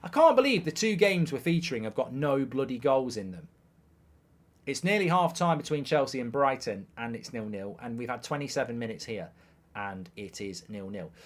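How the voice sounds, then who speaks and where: A man's voice: mid-range voice, big pitch swings, normal speed. A man hosting a live football watchalong, chatting crudely and jokingly, reading out viewer messages and scores.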